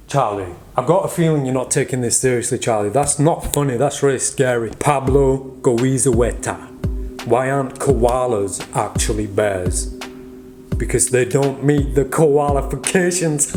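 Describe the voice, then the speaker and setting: A man's voice: medium pitch, moderate pace. A man hosting a magic vlog, casually reading out viewers' joke comments and teasing an off-camera helper. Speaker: magician host. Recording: background music.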